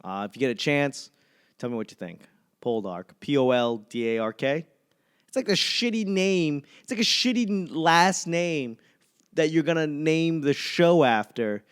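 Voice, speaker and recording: Rambling Boston man with a smooth voice. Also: a little high, moderate pace. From Boston area. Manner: rambling and profane, with self-mocking asides. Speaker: podcast host and stand-up comedian. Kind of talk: casual comedic monologue.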